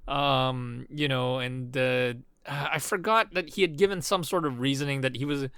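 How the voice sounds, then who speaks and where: A man's voice: mid-range voice, normal speed, clean tone, no echo, clean studio sound. A man co-hosting a podcast, talking casually and animatedly about films with frequent fillers. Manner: animated, laughs often, many fillers. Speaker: podcast co-host. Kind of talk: casual film discussion.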